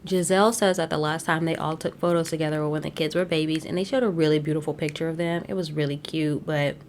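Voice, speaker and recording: A low-pitched woman recaps in a casual, sassy podcast chat. She is blunt and opinionated, with slangy asides and quick laughs. A faint rumble sits under her voice. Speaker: podcast host recapping a reality show.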